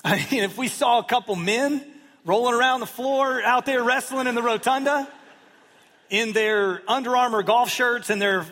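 A man in his thirties preaches to his congregation in an easy, joking way, acting out little quotes along the way. His voice sits high for a man. The sound carries a long reverb, as if from a large church sanctuary. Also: normal speed, pushed and bright. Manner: conversational, self-deprecating humor with acted-out quotes. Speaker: pastor. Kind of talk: sermon.

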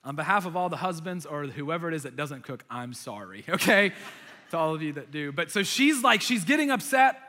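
A young American man preaching a sermon, telling stories with animated delivery and acting out voices. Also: a little high, brisk. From United States. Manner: animated storytelling, acts out voices. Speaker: pastor.

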